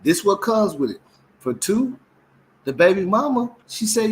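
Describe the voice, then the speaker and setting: A man's voice: sits high, very animated, unhurried, slight background noise, rough recording. A man co-hosting a casual commentary chat, talking animatedly and acting out quotes in mimicking voices. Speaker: co-host.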